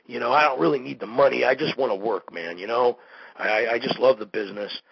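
A man's voice: mid-range voice, fast talker, vocal fry, breathy edge, no room sound, dull audio. A man mimicking an eager male wrestling hanger-on who pleads for favors. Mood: wheedling.

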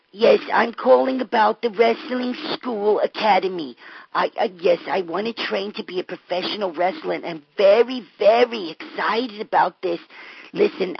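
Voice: mid-range voice, normal speed, gravelly, breathy edge, no echo. A performer voicing a boastful male caller, a former figure skater who wants to be a wrestler, stammering and over-earnest in a comic prank call. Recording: dull lo-fi recording.

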